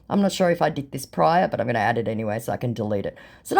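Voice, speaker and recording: A woman's voice: very deep voice, fast talker, vocal fry, hardly any pauses. A woman vlogger wryly reading old scam chats aloud in a casual, sarcastic storytelling style. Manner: wry, mocking, animated when quoting.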